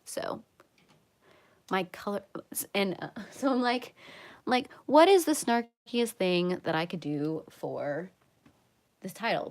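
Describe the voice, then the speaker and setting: Chatty self-mocking woman livestreaming. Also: mid-range voice. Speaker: livestream host. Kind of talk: casual coloring livestream chat.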